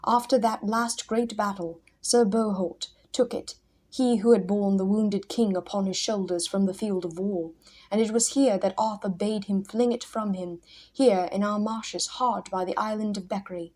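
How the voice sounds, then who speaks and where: A woman's voice: mid-range voice, fairly even intonation, normal speed, natural voice. A woman doing a wild mad old hermit. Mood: fervent. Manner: intense, archaic speech, shouting then hushed.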